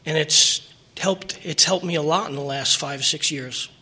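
Man, middle-aged, recovery meeting share, earnest and rambling, slightly high voice, bright tone. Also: a little slow, slightly rough. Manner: earnest, rambling, emotional retelling with restarts. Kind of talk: personal recovery story at a meeting.

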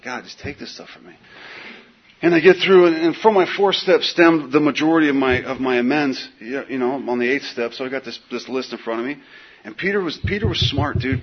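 A middle-aged man sharing his recovery story at a meeting, in a casual, slangy, animated way with lots of fillers. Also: medium pitch, slightly rough. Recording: dull lo-fi recording.

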